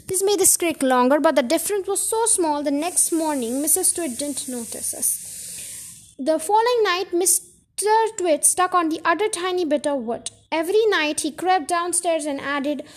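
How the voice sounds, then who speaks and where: High-voiced woman reading a story aloud. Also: lively intonation, a little slow. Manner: chatty, self-correcting with little apologies. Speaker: podcast storyteller. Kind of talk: casual read-aloud storytelling.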